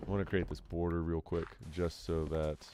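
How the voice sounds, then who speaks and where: A man's voice: low voice, little pitch movement, normal speed, noisy background. A young man streaming a let's-play, talking casually and rambling to a friend on a call. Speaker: gaming streamer. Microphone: desk microphone.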